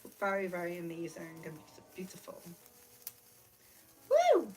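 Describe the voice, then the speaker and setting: A woman hosting a spiritual livestream from her room, giggly and excitable, laughing often, speaking to a camera set far across the room. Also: mid-range voice, unhurried. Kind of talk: casual livestream chat. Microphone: camera mic from across the room.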